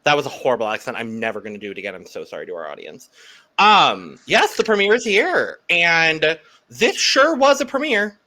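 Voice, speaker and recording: Higher-pitched male co-host, bouncy delivery, playful and self-mocking. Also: sing-song, fairly quick, sharp tone. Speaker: podcast co-host. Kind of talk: casual chat.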